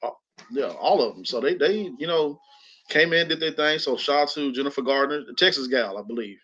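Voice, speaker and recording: A man's voice: mid-range voice, lively intonation, fairly quick, a bit bright. A man as a guest in a casual film discussion, laid-back and hesitant with many fillers. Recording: slightly dull lo-fi sound.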